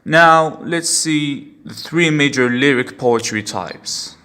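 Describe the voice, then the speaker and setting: Slow, patient male literature teacher. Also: fairly high pitch. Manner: patient, instructive, repeats key terms. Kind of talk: slow step-by-step lesson.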